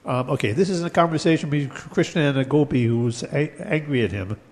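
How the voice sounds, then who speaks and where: A man teaching a lecture on poetics, explaining terms step by step and chanting verses slowly. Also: on the high side, long reverb tail.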